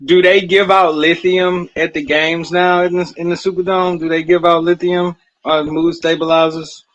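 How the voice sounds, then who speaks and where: A man's voice: fairly high pitch, little pitch movement, moderate pace, fairly bright tone, highs cut off. A man hosting a casual sports podcast, cracking jokes and ranting about the team. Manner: joking, then ranting in frustration. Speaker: podcast host.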